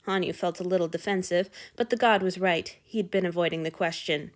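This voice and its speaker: A woman narrating a fan fiction story aloud in a steady, even reading voice. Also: on the low side, a little fast, hardly any pauses.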